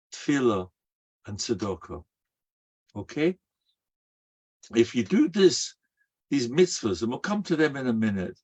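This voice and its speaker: A man giving a sermon as a rabbi, telling stories and asking and answering his own rhetorical questions, peppered with Hebrew and Yiddish terms. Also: medium pitch. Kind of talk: sermon to a live audience. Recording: dull lo-fi recording.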